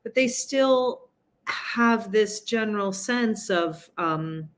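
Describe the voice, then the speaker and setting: A woman's voice: mid-range voice, expressive. A woman from New York City, a city council candidate, talking casually in an interview with frequent asides and laughs. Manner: chatty, quick asides, laughs at her own points.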